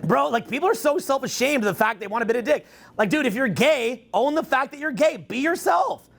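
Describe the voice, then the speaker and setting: A dating coach in his forties holds forth before an audience in an event hall, his high voice carrying a gravelly edge. His rambling stage talk is expressive and a little fast, swooping wildly through crude jokes, mock voices, and sudden shouts.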